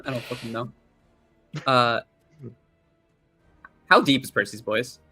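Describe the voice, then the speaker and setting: A man's voice: medium pitch, steady tone, takes it slowly, bright, forceful tone, no echo, faint music behind. A man playing in a tabletop game, talking in a blunt, offhand way with swearing. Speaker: player.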